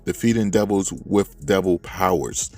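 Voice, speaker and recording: A man giving a casual, animated chapter recap in slangy speech, talking straight to his viewers. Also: low voice, moderate pace, gravelly. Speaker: manga reviewer.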